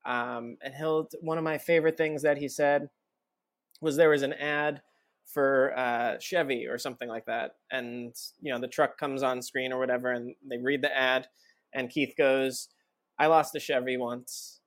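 A man's voice: medium pitch, little pitch movement, moderate pace, a bit bright. A man guest on a casual podcast chat, talking at length and laughing mid-sentence.

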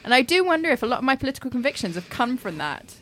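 A woman telling a story in casual chat, animated and excitable. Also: high voice, racing, a little hiss or hum.

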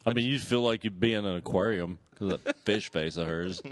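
A man's voice: sits low, a little fast. A man giving blunt, profane opinions while bantering with friends. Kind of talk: casual banter among friends.

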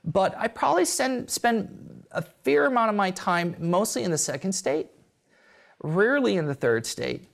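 Lively gravelly-voiced man teaching a group. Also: high-pitched. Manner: blunt, joking, peppered with swearing; animated, acting out voices in quotes. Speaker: spiritual teacher. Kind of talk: live talk to a seated group.

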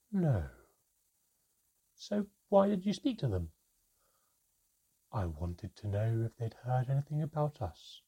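A man's voice: medium pitch, dark tone, husky, muffled recording, voice pushed up, heavily acted. A man voicing a timid, curious young goblin child who asks nervous, breathless questions.

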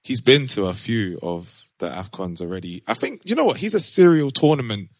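A man hosting a casual podcast chat, relaxed and laughing often, with plenty of slang. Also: fairly low pitch, normal speed, no echo, studio quality. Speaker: podcast host.

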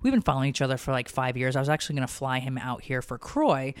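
A woman's voice: rumbling low, fast, clear, resonant tone, no room sound. A woman in her thirties, co-hosting a podcast, tells a story casually and with feeling, swearing freely as she goes. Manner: emotional, swearing, animated retelling. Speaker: podcast co-host.

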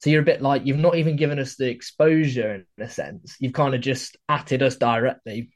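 Brief: male podcast guest, rapid and animated, casual swearing. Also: medium pitch.

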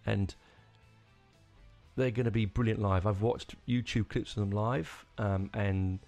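A man talks on his own as a podcast host, rambling with plenty of restarts and real enthusiasm. His voice sits low and gravelly. Soft music plays faintly behind him. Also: steady tone, measured pace. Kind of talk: casual solo rambling.

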